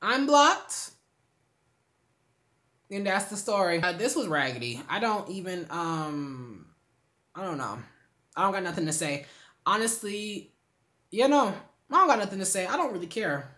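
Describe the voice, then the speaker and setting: A woman's voice: lowish voice, expressive, normal speed, fairly bright tone. A young woman in her twenties telling a storytime on her vlog, sassy and blunt, full of slang.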